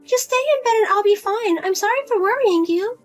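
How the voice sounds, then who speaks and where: A woman's voice: very high voice, lively intonation, fairly quick, soft background music. A woman voicing a pushy middle-aged mother who nags and guilt-trips her grown daughter. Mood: nagging, whiny. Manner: nagging, pleading, guilt-tripping.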